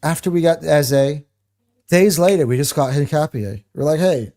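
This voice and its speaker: A man hosting a football fan reaction show, chatting casually and excitedly, swearing freely and restarting his sentences as he rambles. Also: fairly high pitch, moderate pace. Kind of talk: casual chat.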